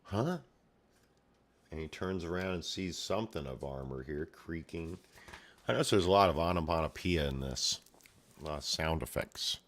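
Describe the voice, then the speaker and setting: A man casually reading a comic aloud and commenting, laid-back with mumbled asides. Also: very deep voice. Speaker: video host reading a comic.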